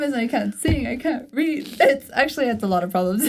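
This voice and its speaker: Raspy-voiced woman hosting a casual chat. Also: on the high side, fairly quick, few pauses. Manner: laughs often, swears casually. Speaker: podcast host.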